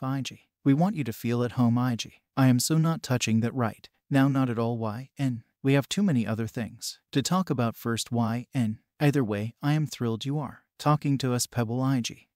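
A man narrates a written story, text messages and all, in a steady, flat reading voice. His pitch sits in an ordinary middle range. The recording is dry, with no room sound around him. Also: no room sound. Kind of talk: scripted fan fiction reading.

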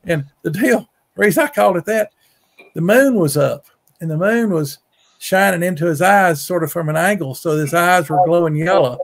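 A middle-aged Mississippi man with a drawl, a guest storyteller and Bigfoot researcher, spins a long, rambling yarn from his rural farm home at normal speed. His gravelly voice runs a little high for a man, and he folksily repeats himself, doubling back on words. When quoting others, he pitches his voice up even higher.

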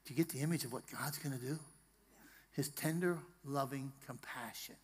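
Pastor, hushed to rousing, in a reverberant hall. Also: male voice, mid-range voice, moderate pace, noisy background. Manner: swings from hushed tender passages to loud emphatic rallying; jokes with the congregation and asks them questions. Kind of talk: sermon. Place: church sanctuary.

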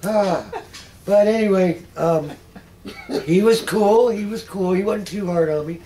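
A middle-aged man with a fairly high voice tells stories in a loose, folksy way. He chuckles often as he talks to a small group. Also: measured pace, dark tone, a little hiss or hum, poor audio. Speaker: patient speaker. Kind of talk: casual storytelling talk.

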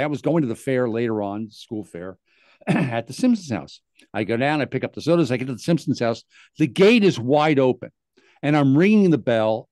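An older man hosting a casual talk show, telling a story with lively acted-out quotes. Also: a little high, dry recording. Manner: animated storyteller, acts out quotes. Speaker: podcast host.

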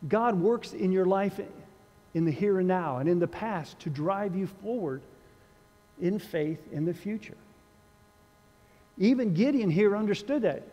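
A man's voice: sits high, lively intonation, measured pace, long pauses, warm tone, big-room sound, lo-fi sound. A male pastor preaching a sermon in a conversational, dryly humorous way, with a sarcastic wit. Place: church sanctuary.

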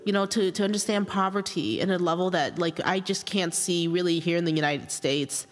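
Woman, personal storytelling, halting and earnest, long reverb. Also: fairly low pitch, soft background music. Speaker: interviewed writer.

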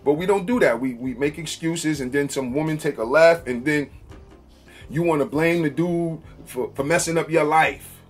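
Husky man telling a relationship parable. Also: a little high, normal speed, soft background music. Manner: conversational, acts out quoted lines, frequent "okay?" check-ins. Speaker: relationship talk host. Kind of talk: casual storytelling monologue.

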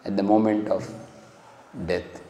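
A man's voice: fairly low pitch, level tone, a little slow, dark tone. A man giving an earnest devotional lecture, acting out quoted dialogue as he tells stories. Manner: earnest, acts out quoted dialogue with rising emotion. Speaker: speaker at a temple lecture. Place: temple hall. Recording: echoey hall.

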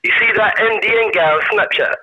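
A young man calling in by phone, loud and agitated, saying "G" constantly. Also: high voice, brisk. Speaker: caller. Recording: phone line.

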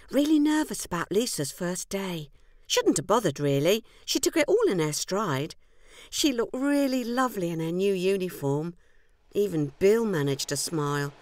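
A weary housewife, played by an actress, telling her life in a scripted film monologue. She sounds wry and rueful, quietly downcast, with a voice at an ordinary middle pitch for a woman. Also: no room sound, close to an everyday voice. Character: weary, wry English housewife in a loveless marriage.

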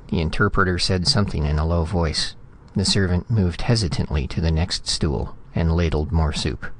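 A man narrating a science fiction story in a steady, measured reading. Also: low-pitched. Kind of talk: scripted audiobook narration.

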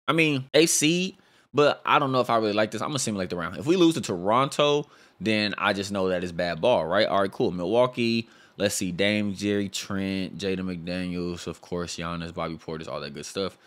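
A young man giving casual, slangy commentary over a basketball sim game, reacting loudly to each result. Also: low-pitched, a little fast. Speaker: gaming YouTuber.

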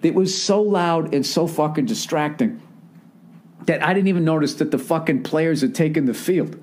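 A man's voice: on the high side, moderate pace, darkish tone. A middle-aged man, telling a rambling, profane comedic story as a podcast host. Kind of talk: casual comedic monologue.

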